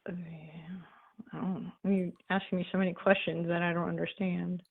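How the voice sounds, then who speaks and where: A woman's voice: lowish voice, little pitch movement, normal speed, gravelly, slightly rough. A woman calling in to a comedy show, rambling through a retold fable with lots of fillers and casual swearing. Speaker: caller. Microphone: telephone. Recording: tinny phone line.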